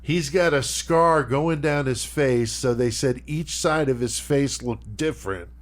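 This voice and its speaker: A man's voice: medium pitch, measured pace. A man hosting a podcast, retelling a story in loose, casual chat and swearing often. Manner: loose, profanity-laced retelling. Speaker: podcast host leading the segment.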